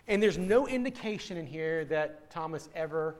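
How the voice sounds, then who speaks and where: A man's voice: fairly high pitch, animated, moderate pace, few pauses. A male pastor preaching a sermon, earnest and direct, often repeating words as he starts a phrase and calling listeners "friend".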